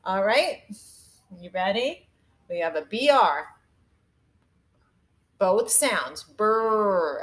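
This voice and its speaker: A young woman leads a phonics lesson for small children from her home. She talks slowly and patiently, drawing words out. Her pitch swoops up and down as she models how a sentence should sound. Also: lively intonation, fairly bright tone, low-quality recording. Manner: slow, sing-song teacher voice, exaggerating sentence rhythm. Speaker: teacher.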